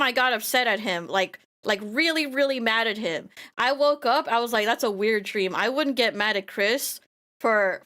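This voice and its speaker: A woman streaming casually, her voice high and bright. She rambles through animated stories, laughing often and circling back to the same phrases. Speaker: VTuber streamer.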